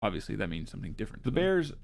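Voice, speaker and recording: A man with a fairly low, slightly mellow voice speaks very fast in a sing-song way, with vocal fry. Hosting a show, he reads informational notes aloud and breaks off for wry, joking asides between the facts.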